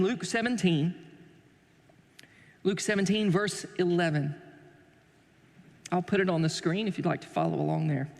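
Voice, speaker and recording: A man's voice: sits high, vocal fry, in a large hall. A man preaching a sermon as pastor, conversational and joking, with self-deprecating asides. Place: church sanctuary.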